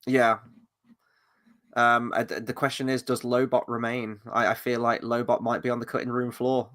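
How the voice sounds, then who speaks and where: A man hosting a casual film review discussion, chatty and animated as he tells stories. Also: mid-range voice, moderate pace.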